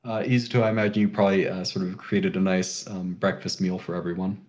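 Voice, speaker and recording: A man's voice: low voice, flat delivery, fast, a little mellow. A man narrating a tabletop game as game master, hesitant with many ums and uhs, on a dull lo-fi recording.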